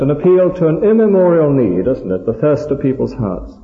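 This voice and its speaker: A man's voice: fairly high pitch, very animated, normal speed, gravelly. An older man preaching a sermon in a conversational way, often adding tag questions. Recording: dull, echoey hall recording.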